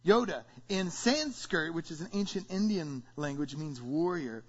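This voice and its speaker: A man preaching a sermon as pastor, energetic and playful, drawing responses from his congregation. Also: a little high, measured pace, breathy edge. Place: church sanctuary. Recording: dull sound, long hall reverb.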